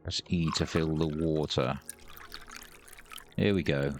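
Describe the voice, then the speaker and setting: A man's voice: a bass voice, steady tone, slow, soft background music. A man recording let's play commentary on a headset mic, joking, swearing and mocking the game's characters. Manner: jokey, swears, mocks the characters. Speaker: gaming YouTuber.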